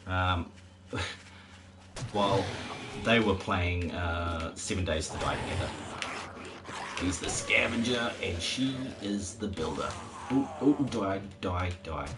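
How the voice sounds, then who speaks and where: A man's voice: low voice, slow, long pauses, background noise. A man chatting casually on a live stream while he plays, rambling, chuckling often and swearing at the game.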